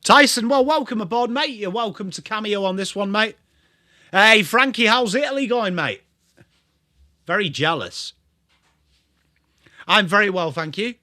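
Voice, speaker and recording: A young man with an English accent hosts a live football watchalong, moving between calling the play and greeting his chat by name. His voice is bright and fairly high, with a lively, bouncing pitch. The sound is dry and close. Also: unhurried, pauses often, no echo. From England. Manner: chatty, greets viewers, lively. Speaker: livestream host.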